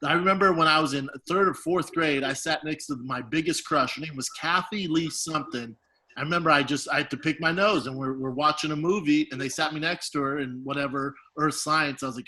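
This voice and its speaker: A man in his late thirties, co-hosting a podcast and telling embarrassing stories in a casual, profane, animated way, laughing as he goes. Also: fairly high pitch, a little fast, low-quality recording. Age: 30s. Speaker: podcast co-host. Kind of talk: casual storytelling chat.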